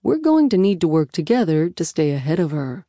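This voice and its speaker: A calm, patient husband who reassures and teases softly, read by a woman. His voice sits low and mellow. The sound is close and dry, like a storybook read in a quiet booth. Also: fairly quick, no echo. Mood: teasing. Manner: soft, reassuring and lightly joking. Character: calm, patient, gently teasing male husband.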